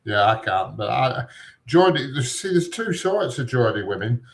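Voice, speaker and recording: A man's voice: medium pitch, sing-song, moderate pace, gravelly. A British man in casual chat as a co-host, blunt and opinionated and swearing casually.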